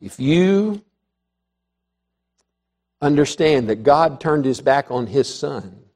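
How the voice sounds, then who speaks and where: Before a congregation in church, a man with a voice a little higher than most men's preaches slowly and emphatically. His intonation is lively, rising to loud declarations and then dropping to soft, hushed lines.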